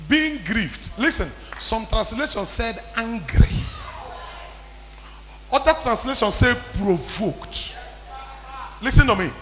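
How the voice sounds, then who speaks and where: A man preaching a sermon as pastor, in impassioned call-and-response that builds to shouting. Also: extremely high pitch, big pitch swings, slow, long pauses. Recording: long hall reverb.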